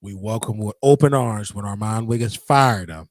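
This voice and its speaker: A man's voice: fairly low pitch, moderate pace, no echo. Man, livestream host, casual rambling chat, preachy amens, dry close mic. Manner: rambling, repetitive, preacher-like call-outs.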